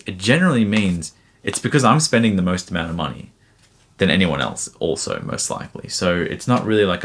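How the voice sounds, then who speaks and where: A young man with a low voice talks through viewer questions in a loose, unscripted way. He rambles, restarts his sentences and leans on fillers as he explains things. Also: a bit bright, slight background noise. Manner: rambling, frequent fillers and self-corrections. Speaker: card seller answering viewer questions. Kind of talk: casual Q&A.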